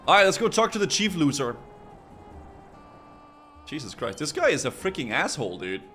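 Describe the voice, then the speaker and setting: A man plays a game on stream and reacts in a casual, playful way, swearing freely. His voice is fairly high and very lively in pitch. Faint music runs underneath. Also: normal speed. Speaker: gaming streamer. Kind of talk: gaming commentary.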